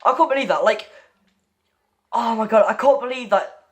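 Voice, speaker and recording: A man giving excitable gaming commentary while chatting with a friend, stammering and repeating himself. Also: very high voice, moderate pace. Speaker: gamer opening loot crates.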